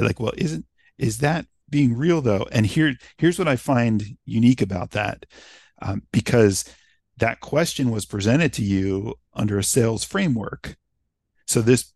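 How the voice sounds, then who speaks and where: Animated man, dry close sound. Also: mid-range voice, no echo. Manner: animated storytelling, acts out quoted voices. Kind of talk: casual conversation.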